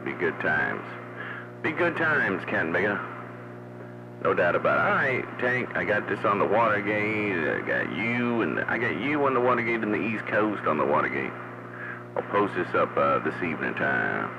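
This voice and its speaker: A man's voice: sits low, big pitch swings, normal speed, creaky. A man talking casually on a CB radio, laid-back, and calling everyone "man". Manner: laid-back, drawling, says "man" often. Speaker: CB radio operator. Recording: muffled radio audio with static.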